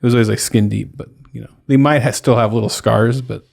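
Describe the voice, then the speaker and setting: A male podcast co-host banters casually with the others. His voice is gravelly and creaky. He speaks haltingly, with fillers and joking asides. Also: medium pitch, steady tone, darkish tone.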